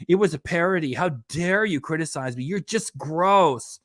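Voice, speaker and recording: A man's voice: a little high, expressive, normal speed, a bit bright, dry recording, studio quality. A man putting on a sneering parody of a defensive woman, drawing out his words.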